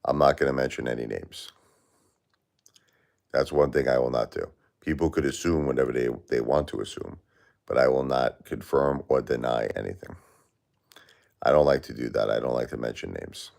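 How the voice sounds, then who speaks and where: A man's voice: a bass voice, moderate pace, creaky, a little mellow. A grieving man hosting a live stream, talking in an aggrieved, plaintive, repetitive way and answering chat. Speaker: livestream host.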